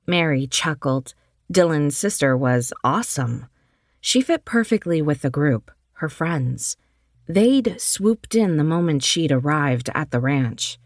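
A woman narrating an audiobook in a measured, steady reading. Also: low voice, no echo, studio quality.

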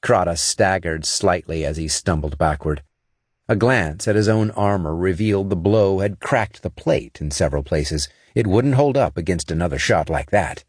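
Low voiced guy reading a fight scene audiobook, dry close mic. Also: normal speed, breathy edge, dry recording. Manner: steady, dramatic action reading. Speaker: narrator. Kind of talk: scripted audiobook narration.

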